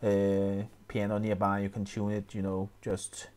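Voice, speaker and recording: Low-voiced man with halting tutorial speech. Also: monotone, warm tone. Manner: hesitant, many fillers and restarts. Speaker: music software tutor. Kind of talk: screen-recorded tutorial.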